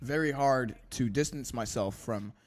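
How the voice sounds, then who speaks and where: A man's voice: medium pitch, unhurried, no echo, soft background music. Young brit guy faking an american accent, rambly stammery rant, swears a lot, dry close mic. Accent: put-on American. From Britain. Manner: rambling, stammering, swearing, deadpan self-mockery. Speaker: YouTuber. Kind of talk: casual rant to camera. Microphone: desk studio microphone.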